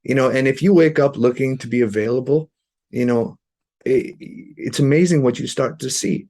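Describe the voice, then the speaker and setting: Guy w a gravelly voice, earnest and rambly, lots of "you know"s on a podcast. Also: mid-range voice, moderate pace, mellow. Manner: loose and earnest, many "you know" fillers. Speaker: podcast guest, musician. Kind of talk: conversational storytelling.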